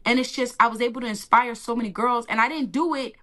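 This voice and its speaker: A woman giving an emotional personal testimony in an interview, animated and colloquial, acting out the lines she quotes. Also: fairly high pitch, fast. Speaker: interview guest.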